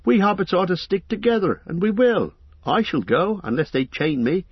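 A man doing Pippin, a cheeky young hobbit, high and eager. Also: normal speed, slightly rough, no echo, lo-fi sound. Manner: cheeky, excitable.

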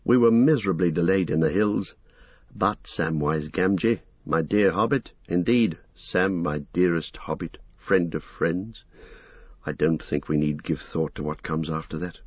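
A man reading the part of an earnest young male hobbit, gentle, thoughtful and resigned, on a dull lo-fi recording. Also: low-pitched, unhurried, husky, no room sound. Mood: somber.

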